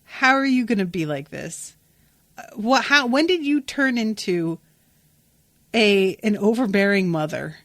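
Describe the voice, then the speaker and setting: A woman's voice: a little high, a little slow, no room sound. Exasperated, swearing woman podcast host. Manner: animated, exasperated, swears freely. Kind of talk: casual book recap podcast.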